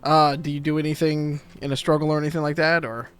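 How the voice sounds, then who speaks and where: A man's voice: fairly high pitch, flat delivery, quick pace, fairly bright tone, clean tone, faint music behind. A man running a tabletop game as game master, easygoing and laughing often as he narrates.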